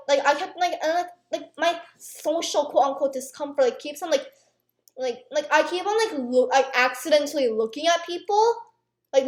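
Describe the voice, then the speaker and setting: A woman's voice: high-pitched, roomy sound. A teenage girl ranting in a rambling, self-mocking way, packed with fillers, while playing a game on her channel. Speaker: gaming YouTuber. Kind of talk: rambling chatty rant over gameplay.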